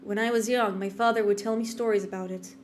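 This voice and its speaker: A woman voicing a brooding young female demon hunter, telling an old legend in a hushed, solemn dramatic monologue. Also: mid-range voice, steady tone, fast talker, slight background noise, natural voice. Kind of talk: voice acting a game monologue.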